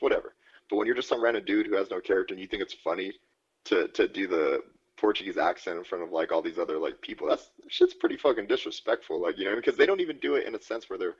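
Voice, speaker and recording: A man's voice: on the low side, slightly rough, dull audio. A man co-hosting a podcast in rambling, profane casual chat, laughing often. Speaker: podcast co-host.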